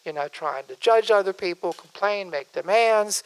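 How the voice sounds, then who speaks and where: A man's voice: high-pitched, normal speed, clear, resonant tone, low-quality recording. An older man, a physician, giving a conversational public speech in a folksy way, wandering off on asides and restarting his sentences. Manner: folksy, digressive, self-interrupting.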